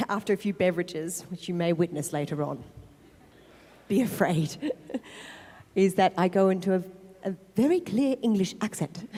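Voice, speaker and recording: A woman's voice: lowish voice, a little mellow. A woman chats from a convention panel, playful and giggly, often slipping into little acted-out voices. A long hall reverb trails her words. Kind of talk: casual panel chat.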